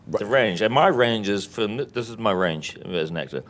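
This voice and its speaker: A man in his forties with a New Zealand accent, joking through a film interview in a deadpan, sarcastic way with sudden loud outbursts. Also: fairly low pitch, normal speed. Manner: deadpan sarcastic wit with sudden shouted bits. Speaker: film director being interviewed.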